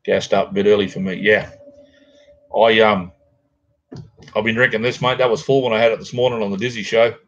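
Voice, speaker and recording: A man's voice: on the low side, steady tone, a little fast, pauses often, a bit bright, muffled recording. A middle-aged Australian man rambling casually to viewers while hosting a livestream from home. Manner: rambling, laid-back, chatty with viewers. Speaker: livestream host. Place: home, near a garage.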